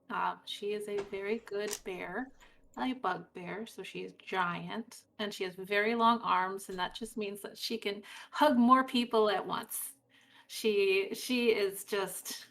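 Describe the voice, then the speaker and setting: A woman's voice: medium pitch, vocal fry, fairly bright tone. Gushing woman with faint background hiss. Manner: gushing, affectionate. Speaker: player. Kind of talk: casual chat.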